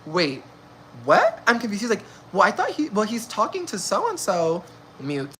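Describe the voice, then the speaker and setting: A woman's voice: medium pitch, wildly swooping pitch, normal speed, background noise. A young woman in her early twenties telling a messy gossip story in casual chat, slangy and laughing often. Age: young adult. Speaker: vlogger.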